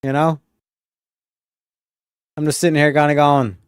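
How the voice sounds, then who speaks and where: A man's voice: on the high side, level tone, a little slow, smooth, dry recording, studio quality. A man from Ireland, a streamer reacting to clips in casual, heated, swearing commentary. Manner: heated, swears a lot, acts out voices.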